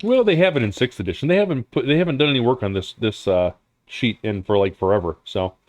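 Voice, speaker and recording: A man running an online tabletop game as game master, relaxed and full of hesitations. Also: medium pitch, quick pace, no room sound. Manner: relaxed, hesitant, lots of filler.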